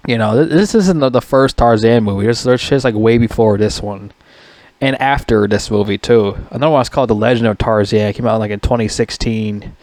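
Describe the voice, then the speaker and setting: Man, casual movie rant, profane, rambling, excitable, dry close mic. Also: fairly low pitch, no room sound. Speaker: movie reviewer.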